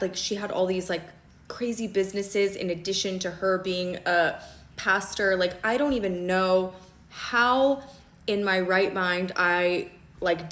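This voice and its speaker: Woman, low voice, dramatic storytime, keeps asking "okay?", swears, roomy echo. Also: fairly bright tone. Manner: dramatic, keeps checking in with "okay?" and "all right?"; frank and indignant, swears freely. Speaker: TikTok creator telling a personal story. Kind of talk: casual storytime monologue to camera.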